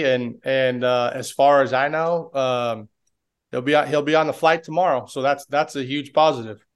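A man's voice: medium pitch, clean tone. A man who is a baseball assistant coach, talking casually as a podcast guest and telling stories with many restarts. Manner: rambling with restarts and storytelling.

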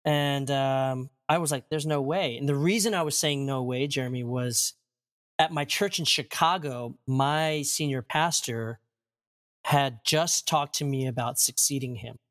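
A man's voice: medium pitch, a little slow. A man in his forties, a pastor, sitting for a casual interview. He tells his story with energy, mimics the people in it, and laughs readily. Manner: animated storyteller, acts out quotes, laughs often. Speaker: pastor, guest.

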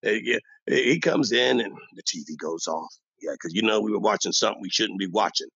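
An actor playing an older, bossy, old-school barbershop owner who rambles and boasts in street talk, delivered as a comic monologue. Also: male voice, on the low side, expressive, a little fast, gravelly, fairly bright tone, no echo, exaggerated voice. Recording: dull dry lo-fi recording.

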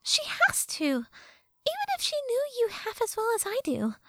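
A woman voicing a sarcastic but caring young female fairy in a storybook reading, with a high snappy teasing voice. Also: huge pitch swings, a little slow, no echo, heavily acted. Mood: wistful. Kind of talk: audiobook character voice.

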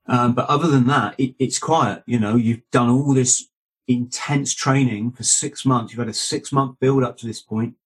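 A man in an interview recounts his time as a Royal Marine with earnest conviction. His voice is husky and sits at an ordinary pitch for a man. He keeps pulling the listener in with little asides. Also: fairly even intonation, normal speed. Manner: earnest, checks in with "right?" and "mate". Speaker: guest, former Royal Marine. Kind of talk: conversational storytelling.

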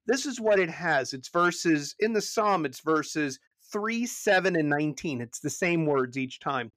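A pastor chatting casually on a podcast about a movie, animated, often restarting and repeating words as he goes. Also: unhurried, hardly any pauses, dry recording. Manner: animated, jumps high when retelling scenes.

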